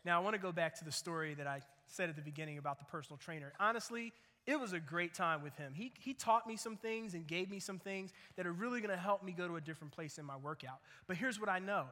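A man's voice: sits high, fast talker, bright, forceful tone. A man preaching a sermon as pastor, conversational and earnest, repeating phrases for emphasis. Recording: long reverb of a large hall.

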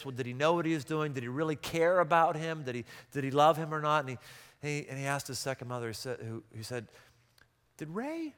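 A man's voice: medium pitch, smooth, long reverb tail. A man preaching a sermon, telling stories and breaking into impassioned, rising outbursts. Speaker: pastor.

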